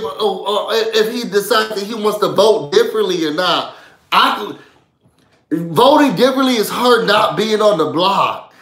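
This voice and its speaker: A man's voice: sits high, normal speed, a bit bright, reverberant. A man hosting a live reality-show recap, ranting heatedly with lots of profanity. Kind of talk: live stream rant.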